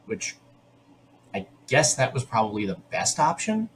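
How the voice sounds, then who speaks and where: A man's voice: mid-range voice, measured pace, a little hiss or hum, poor audio. Man animatedly retelling a TV episode. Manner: animated storytelling with asides. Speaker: podcast host. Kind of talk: casual chat recapping a TV episode.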